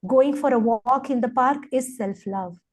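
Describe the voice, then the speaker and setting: A woman's voice: high-pitched, measured pace, darkish tone. A woman, a yoga teacher giving an earnest, emphatic health talk to a class and repeating her key points. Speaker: yoga teacher, guest speaker.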